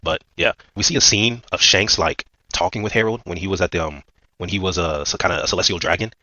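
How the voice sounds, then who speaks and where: A man's voice: sits low, fast talker, sharp tone, no room sound, dull audio. A man giving a casual, rambling recap of a manga chapter, full of fillers and slang. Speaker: manga commentator.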